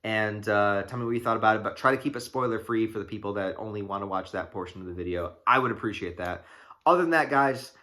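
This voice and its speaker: An excitable young man talks through a movie review in a loose, rambling way, full of fillers and curses. His voice has a bright, forceful edge. He sounds like he's chatting straight to his viewers. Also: on the low side, fast talker. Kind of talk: casual spoiler review.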